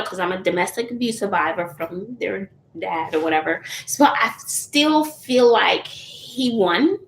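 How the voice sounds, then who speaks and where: On the low side but a bit bright, her gravelly voice carries through a roomy echo with faint noise. She's a YouTuber from Texas, USA, candidly answering viewers in a casual live chat and laughing frequently.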